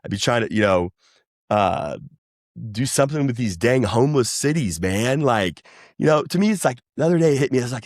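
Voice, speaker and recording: Animated rambling man, casual podcast guest. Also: medium pitch, brisk, dry recording, studio quality. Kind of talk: casual chat.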